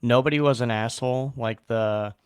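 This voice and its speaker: A man's voice: mid-range voice, moderate pace, clear, resonant tone, no room sound, studio quality. A man hosting a casual podcast chat, talking loosely and laughing easily. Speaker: podcast host.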